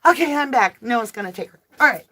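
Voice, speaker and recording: A woman's voice: a little high, lively intonation, brisk, sharp tone. A woman hosting a live tarot reading from her home office, chatting informally with viewers and speaking prayers aloud. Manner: chatty and informal, often addressing viewers directly.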